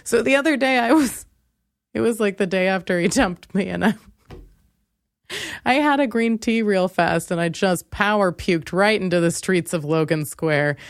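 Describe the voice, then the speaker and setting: A woman's voice: mid-range voice, moderate pace, no echo. A young woman hosting a podcast, telling a comic story and acting out the other voices. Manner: animated, acts out voices in quotes, laughs often. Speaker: podcast host. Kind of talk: comedic storytelling monologue.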